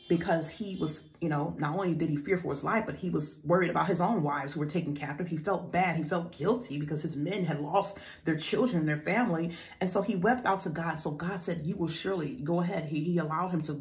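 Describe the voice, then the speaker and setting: Woman, devotional teaching, scripture reading, plain explaining, low pitch. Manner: reads scripture aloud then explains plainly, with restarts. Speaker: preacher.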